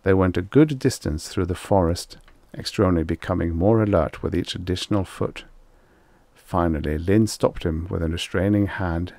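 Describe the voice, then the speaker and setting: A man narrating an audiobook in a steady, measured reading. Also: deep voice, no room sound. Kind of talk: scripted narration.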